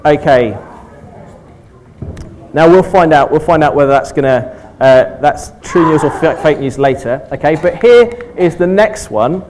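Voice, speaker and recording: A man's voice: fairly high pitch, lively intonation, a little slow, a little mellow, a little hiss or hum, poor audio. Chatty man leading a church talk. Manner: friendly, chatty, addresses children, frequent "okay". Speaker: church leader giving an all-age talk. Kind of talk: informal all-age church talk.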